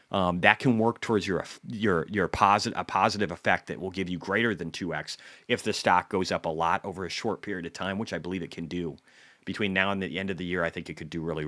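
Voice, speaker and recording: A man with a very deep, low-pitched voice hosts a casual live trading stream. He is blunt and profane, drops to muttered asides and then bursts out loud. The sound is dry and close, with no room echo. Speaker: stock market livestream host.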